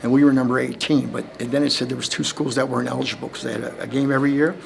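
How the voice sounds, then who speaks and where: A man in his fifties, originally from New Jersey, answers press questions as a Hall of Fame inductee. His voice has a gravelly, fried texture at a middling pitch. He rambles through long anecdotes, slipping into the voices of the people he quotes. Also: little pitch movement, racing, a little hiss or hum. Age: 50s. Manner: rambling storyteller who acts out quoted voices and laughs between lines. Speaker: Hall of Fame inductee, former running back.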